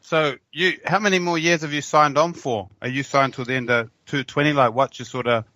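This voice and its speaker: A man co-hosting a podcast, asking questions in relaxed casual chat. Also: mid-range voice, brisk, dry recording, highs cut off. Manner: relaxed, asks plain questions. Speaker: podcast co-host.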